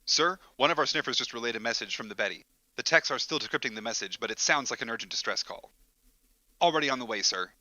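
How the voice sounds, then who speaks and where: A clipped, formal military communications officer, played by a man, reporting crisply over the radio. His voice is very bright and sharp, and the recording is close and dry. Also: medium pitch, animated, quick pace, dry recording.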